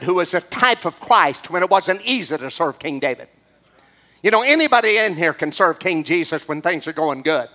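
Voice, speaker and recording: A man preaching a sermon as pastor, impassioned and building up to shouts. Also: sits high.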